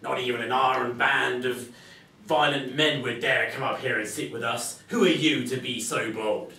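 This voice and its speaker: A gruff robber captain lays down stern, heavy pronouncements, as a man telling a folk tale voices him. The voice sits at a middling pitch. It rings through an echoing room from a far-off mic. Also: fairly even intonation, normal speed, sharp tone. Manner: stern, weighty declarations.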